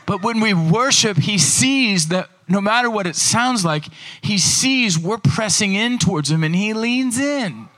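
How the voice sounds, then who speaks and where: Man, preacher, high voice, animated sermon delivery, speeds up and slows down, acts out voices. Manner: animated, fast and slow in turns, acts out voices.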